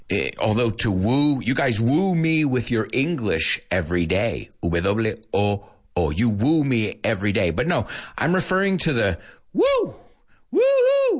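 A middle-aged American man hosting a radio show in a playful, chatty way for Spanish-speaking listeners. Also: lowish voice. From United States. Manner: animated, playful, mixes Spanish in. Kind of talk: casual chat to Spanish-speaking learners.

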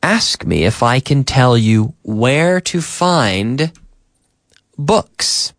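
Slow, gravelly man teaching English. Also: mid-range voice, expressive, a bit bright, no room sound, clean studio sound. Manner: slow, repetitive drilling with Spanish glosses. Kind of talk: radio English lesson. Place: radio studio.

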